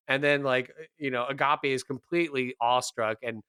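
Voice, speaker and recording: A man playing in a tabletop game, describing his character's actions in an animated, rambling way. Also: mid-range voice, a little fast, smooth, dry recording. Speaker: player. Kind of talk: tabletop game role-play.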